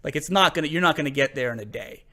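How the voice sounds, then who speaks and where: Halting young man running a tabletop game. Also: a little high, bright, forceful tone. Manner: halting, filler-heavy narration. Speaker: game master.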